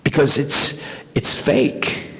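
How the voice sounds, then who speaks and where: A man, an actor guest at a fan convention panel, telling animated anecdotes with casual swearing. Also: slow pace. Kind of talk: convention Q&A storytelling. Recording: long reverb of a convention hall.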